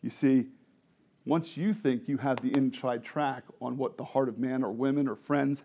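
A man preaching a sermon as pastor, moving between soft, confiding asides and loud, fervent preaching, often asking the congregation questions. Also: medium pitch, steady tone, moderate pace. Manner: swings from quiet, intimate asides to loud, impassioned preaching.

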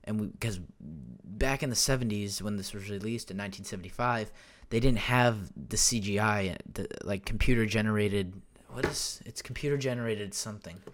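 A man's voice: fairly low pitch, moderate pace, hardly any pauses, a little hiss or hum. Rambling young man on a podcast mic. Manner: rambling, many fillers and self-corrections. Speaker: podcast host. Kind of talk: casual solo podcast chat. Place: home room. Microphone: desk microphone.

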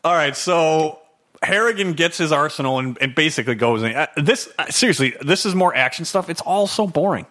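A man's voice: a little high, expressive, brisk, sharp tone. A man hosting a podcast, chatting casually about a movie, chuckling and reading from his notes. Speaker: podcast host. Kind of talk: casual movie commentary chat.

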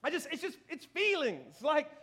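A pastor in his thirties preaches in church with a very high voice that swings hugely in pitch, at a normal speed and with a fairly bright tone. He's chatty and pokes fun at himself, laughing often and dropping "you know what I mean" again and again.

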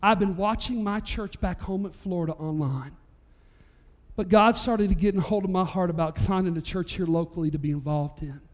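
Male pastor, unusually high voice; animated storytelling sermon delivery. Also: moderate pace. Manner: storytelling, animated, voice rising to near-shouts at climaxes. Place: church sanctuary.

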